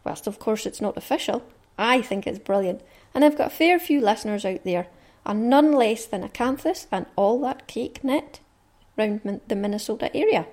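A woman's voice: mid-range voice, darkish tone. A Scottish woman hosting a podcast, talking in a chatty, cheerful and enthusiastic way. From Scotland. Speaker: podcast host. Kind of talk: casual podcast chat.

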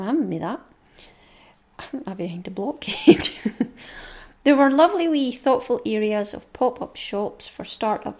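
A woman's voice: mid-range voice, a little mellow. A middle-aged woman, hosting her own podcast in a chatty, rambling monologue and reading through a long list. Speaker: knitting podcast host. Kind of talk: casual monologue.

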